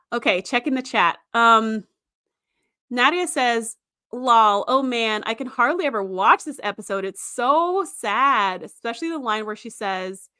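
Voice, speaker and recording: Young woman streamer, chatty, bright voice, dry close mic. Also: on the high side, moderate pace, no echo. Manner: chatty and emphatic, with frequent fillers. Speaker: show host. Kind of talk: casual livestream commentary.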